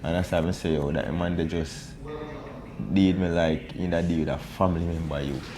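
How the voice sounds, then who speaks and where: A man with a Jamaican accent softly consoling a grieving young man in a heart-to-heart chat, speaking thick patois. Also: low-pitched, steady tone, moderate pace, background noise. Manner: soft, consoling patois, often ending lines with "youth" and "bro". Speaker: mourner.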